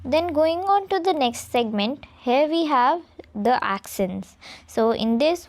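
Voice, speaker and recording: A woman with an Indian accent teaching beginner French, explaining slowly and clearly and spelling words out letter by letter. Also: sits high. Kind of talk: beginner language lesson.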